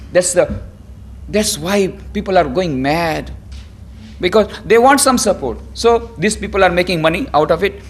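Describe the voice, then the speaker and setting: A man giving a spiritual lecture as a swami, animated, acting out quotes and chanting Sanskrit verses. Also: high voice, unhurried, a little hiss or hum. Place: lecture hall.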